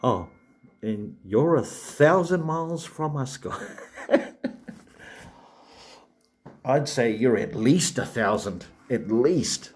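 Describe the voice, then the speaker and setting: A man's voice: mid-range voice, expressive, takes it slowly, long pauses. A man, hosting a live stream and rambling chattily to viewers with many fillers and restarts. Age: 40s.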